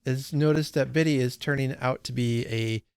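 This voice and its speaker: Man, casual book commentary, conversational, mid-pitched voice, dry close sound. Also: steady tone, moderate pace, a little mellow, clear, resonant tone, no echo. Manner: conversational, frequent fillers and restarts. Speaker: book channel host. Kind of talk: casual read-along commentary.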